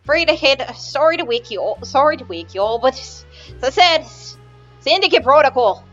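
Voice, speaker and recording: A woman voicing an elderly grandfather doctor who reassures and apologizes calmly. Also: sits high, normal speed, lo-fi sound, faint music behind. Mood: reassuring. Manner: soothing, apologetic.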